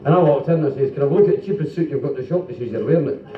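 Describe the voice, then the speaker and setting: A Scottish man telling quick jokes in a live stand-up set, slipping into comic voices and asides. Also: mid-range voice, background noise. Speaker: stand-up comedian and singer. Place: club function room before a live audience. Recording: 1970s live club recording, roomy, dull, from far off.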